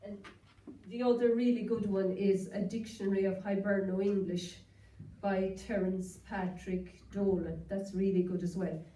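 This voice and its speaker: A woman with a soft, mellow Kerry Irish accent gives a chatty, anecdotal talk to a gathered audience. She is picked up from some distance, so her voice rings around a reverberant room. A faint hiss sits under the recording. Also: medium pitch, steady tone, measured pace. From Ireland. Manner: chatty, anecdotal, quoting sayings. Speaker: guest lecturer. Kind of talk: public talk. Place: lecture room, indoors.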